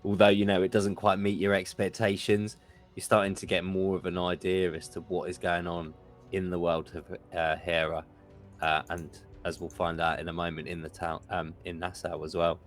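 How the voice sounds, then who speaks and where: A man with a very deep, level voice offers measured thoughts in a relaxed stream chat. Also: faint music behind.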